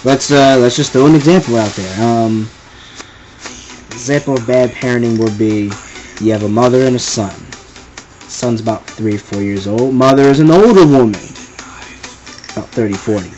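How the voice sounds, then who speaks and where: An exasperated young man delivers a casual rant, wandering off track and circling back to his point. His voice sits at an ordinary middle pitch. Faint music plays underneath. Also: darkish tone, poor audio. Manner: exasperated, rambling, repeats himself. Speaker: vlogger ranting.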